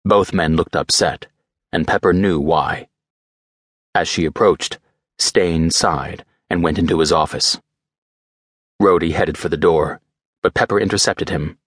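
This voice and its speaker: A man narrating an audiobook in a steady, measured way. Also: deep voice, breathy edge, no echo, clean studio sound. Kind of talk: scripted narration.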